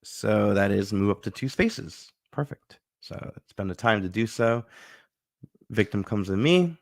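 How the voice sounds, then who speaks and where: Gravelly man narrating a tabletop playthrough. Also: on the low side, animated, a little slow. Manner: chatty, thinks aloud, acts out little bits. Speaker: board game host. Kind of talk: casual solo board game playthrough.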